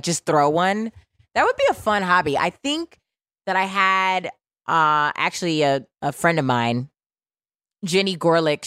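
A woman in her thirties hosts a podcast with a loose, playful and brash manner, swearing freely as she chats. Her voice sits fairly low. The sound is dry and close, with no room around it. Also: fairly bright tone, no room sound. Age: 30s. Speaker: podcast host. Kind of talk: casual chat.

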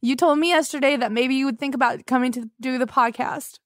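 Young woman comic host, high and dry, melodramatic with sudden mood swings. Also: fairly even intonation, dry recording. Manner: dramatic, overwrought, quick mood flips. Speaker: comedy podcast host. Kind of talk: improvised comedy phone calls.

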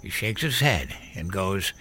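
A gruff, profane old war veteran recounts a dark night in blunt terms, played by a man. His voice carries a bright, forceful edge and swings widely in pitch. It is storytelling for an audio drama. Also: lively intonation, a little slow, a little hiss or hum, exaggerated voice. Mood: grim recollection. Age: older.

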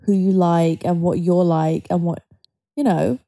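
A woman's voice: on the low side, fairly even intonation, a little slow, creaky, mellow. A woman in her twenties co-hosting a podcast, chatting in a blunt, teasing and reassuring way. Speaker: podcast co-host. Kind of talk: casual chat.

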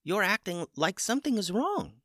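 Man doing a little talking chicken, squeaky and raised, bewildered, storybook, dry sound. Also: big pitch swings, normal speed, bright, forceful tone, no room sound, full character voice. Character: small startled male talking chicken.

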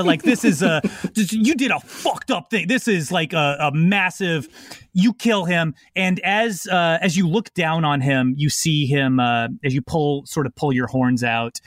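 A man's voice: high-pitched, a bit bright, dry recording, studio quality. A man narrating as game master of a tabletop game, loose and rambling with many fillers.

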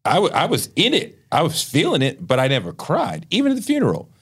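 A man's voice: on the high side, wildly swooping pitch, fast talker, fairly bright tone, breathy edge. A middle-aged man from the United States who hosts the interview, asking probing questions in a conversational way. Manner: probing and conversational, with frequent restarts. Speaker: podcast host. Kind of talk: casual interview chat.

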